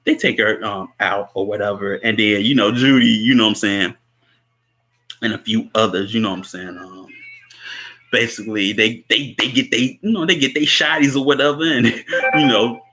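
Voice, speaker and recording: Bright-voiced rambling man. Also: lowish voice, fairly even intonation, moderate pace. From Chicago. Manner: rambling, laughs often, many fillers. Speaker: host. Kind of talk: casual movie recap.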